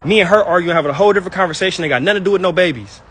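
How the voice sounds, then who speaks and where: A man's voice: high-pitched, racing, a bit bright, slight background noise, poor audio. A young man in a heated personal rant, angry and hurt, talking in slang and repeating himself.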